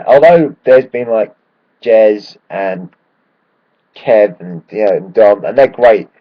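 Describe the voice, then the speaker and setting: A man with a croaky voice, a football fan vlogger talking casually to camera, excitable and swearing freely with lots of restarts. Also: fairly low pitch, lo-fi sound.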